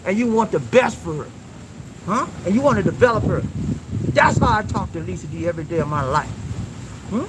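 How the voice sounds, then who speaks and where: A man's voice: high-pitched, animated, fairly quick, long pauses, very noisy. A man hosting a relationship advice talk, preaching emphatically to his viewers with call-and-response questions and repeated lines.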